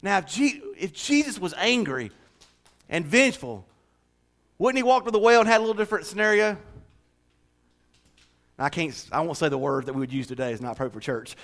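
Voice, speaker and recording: A man pastor preaching a sermon in a church, animated, shifting from loud declarations to hushed asides with jokes. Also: a little high, a little fast, long pauses. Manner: animated, swings from shouting to hushed, joking asides.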